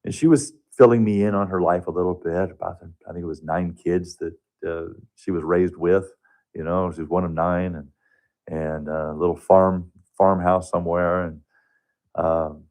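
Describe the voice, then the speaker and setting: A man telling a personal story as a guest on a radio talk show, earnest and halting, often restarting his sentences. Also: low voice, steady tone, darkish tone. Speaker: radio guest, hospice touch therapist.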